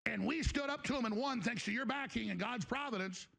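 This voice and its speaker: Male host, ranting monologue; very gravelly, husky voice. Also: very high-pitched, fairly quick, sharp tone. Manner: emphatic, ranting, mimics others mockingly. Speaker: talk show host. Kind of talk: heated on-air monologue.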